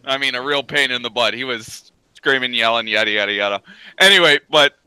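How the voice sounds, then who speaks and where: A man hosting a podcast, telling an anecdote slowly in casual conversation. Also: mid-range voice, pushed and bright, smooth, no echo, poor audio. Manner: slow, drawn-out anecdote telling. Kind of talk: casual storytelling.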